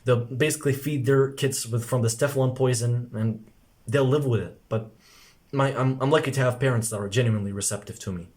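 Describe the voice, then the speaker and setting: A young man at a middle pitch delivers a loose coaching monologue to camera. He rambles, packs his sentences with filler words and swears offhandedly, calling the listener "bro". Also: steady tone, fairly quick, darkish tone. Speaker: self-improvement coach.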